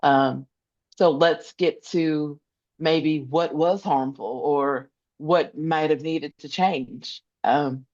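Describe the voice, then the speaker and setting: Her voice is low-pitched and mellow, with fairly even intonation, drawn-out words, and the high frequencies cut off. She's a social worker and podcast guest in a conversational interview, speaking with earnest emphasis and repeating phrases for stress.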